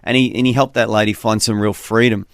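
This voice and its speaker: A man's voice: lowish voice, little pitch movement, clean tone, dry recording. Male radio host, dry studio voice. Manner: warm conversational storyteller, slows to repeat phone number. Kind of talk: call-in radio talk.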